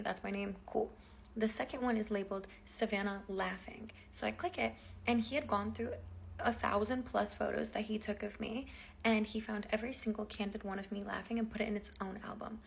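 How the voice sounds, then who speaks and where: A woman's voice: mid-range voice, fairly even intonation, fairly quick, gravelly, dull audio, slight background noise. A woman in her twenties telling a personal story in a chatty, casual vlog style, full of fillers.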